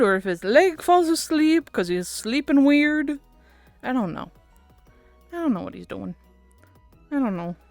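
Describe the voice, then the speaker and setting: A woman streamer with a mid-range voice chats casually with her viewers, rambling along and laughing often. The recording has no room sound.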